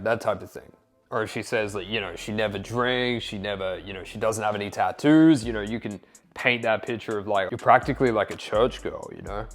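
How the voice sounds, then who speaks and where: A man's voice: lowish voice, fairly quick, faint music behind. Slangy, laid-back young male dating coach. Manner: relaxed, slangy, sprinkled with "like" and "you know". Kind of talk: casual instructional monologue.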